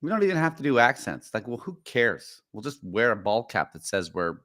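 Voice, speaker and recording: A man's voice: medium pitch, very animated, fairly quick, a bit bright. A man co-hosting a podcast in casual chat, rambling and opinionated, full of fillers. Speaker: podcast co-host.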